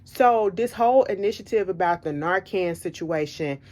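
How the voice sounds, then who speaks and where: Animated woman telling a story. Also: fairly low pitch, normal speed. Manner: animated, emphatic, repeats points, blunt. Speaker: vlogger. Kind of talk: casual storytelling chat.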